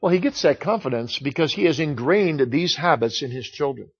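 High-voiced preaching man, emphatic. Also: animated, breathy edge. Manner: emphatic preaching, slowing down for scripture quotes. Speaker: pastor. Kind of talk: sermon. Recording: dull lo-fi recording.

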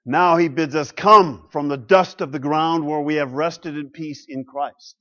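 Man, pastor, sermon, rhetorical questions, loud-to-hushed swings, fairly high voice, muffled lo-fi recording. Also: fairly even intonation, unhurried. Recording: muffled lo-fi sound.

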